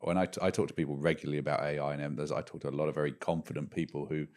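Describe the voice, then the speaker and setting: A man's voice: extremely low pitch, steady tone, racing, darkish tone. A middle-aged man co-hosting a podcast, chatting casually and animatedly, often restarting his sentences mid-thought. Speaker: podcast co-host. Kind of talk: casual chat.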